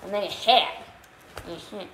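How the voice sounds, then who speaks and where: Woman chiming in quietly, echoey room. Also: medium pitch, normal speed. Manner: quiet chiming in, short playful remarks. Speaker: co-host. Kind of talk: casual banter during storytime. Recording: echoey room with clear background noise.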